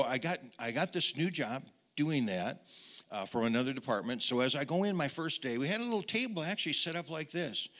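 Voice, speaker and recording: A middle-aged male pastor preaching an animated storytelling sermon, often repeating words and speaking straight to the congregation. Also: mid-range voice.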